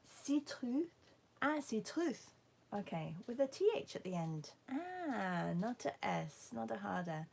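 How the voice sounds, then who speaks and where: A woman's voice: mid-range voice, animated, measured pace, creaky, hardly any pauses, a little mellow, husky. A woman hosting a casual livestream art class, chatting with viewers and greeting them by name, sometimes dropping into a whisper.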